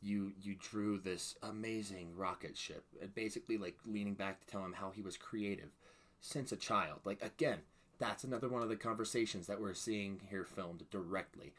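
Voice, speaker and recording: A man reviewing a show for his reaction channel, speaking in a lowish, forceful voice. He is excitable and keeps bursting into loud exclamations. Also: brisk.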